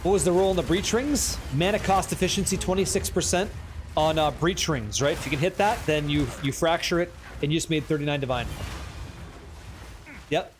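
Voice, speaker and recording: A man's voice: fairly high pitch, fairly quick, noisy background. A man streaming a game, chatting casually with his viewers, joking and swearing freely as he reads the chat. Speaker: livestream gamer.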